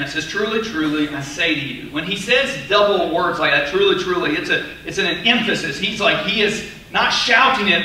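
High, bright-voiced pastor in echoey hall. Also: male voice, recorded from a distance. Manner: animated, emphatic preaching with asides. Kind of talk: sermon. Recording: echoey hall, voice off-mic, faint noise.

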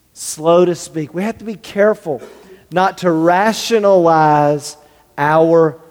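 A male pastor delivering a sermon in an earnest voice that sits high for a man. He acts out the quoted lines of the people he talks about, and his voice carries a long reverb from the big room. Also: darkish tone.

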